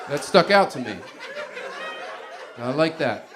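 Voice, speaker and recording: A man's voice: on the high side, expressive, takes it slowly, a crowd in the background, background noise. Rambling stand-up comedian man. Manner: rambling, laughing, acts out quotes. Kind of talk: stand-up routine.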